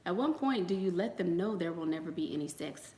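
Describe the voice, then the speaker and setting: Her warm voice runs on the low side, expressive and brisk, with a reverberant sound. As host of a casual livestream, she chats with viewers and tells gossipy stories, acting out quotes and using many fillers and trailing asides.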